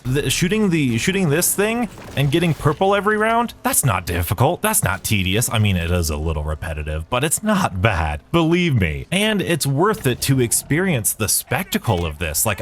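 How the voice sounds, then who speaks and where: A man giving chatty, excitable commentary while playing through a game quest, explaining each step as he goes. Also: mid-range voice, a little hiss or hum. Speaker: gaming video creator. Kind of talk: live gameplay commentary.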